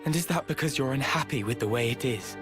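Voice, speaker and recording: An actor playing a calm, measured adult man in a video game, speaking slowly and with quiet conviction. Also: medium pitch, soft background music, close to an everyday voice.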